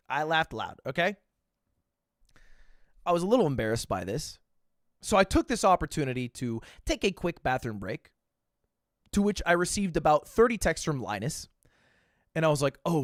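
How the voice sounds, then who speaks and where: A man in his twenties, a streamer telling a story in casual chat, animated and swearing, with sudden bursts of loud laughter. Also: sits high, no room sound, clean studio sound. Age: 20s.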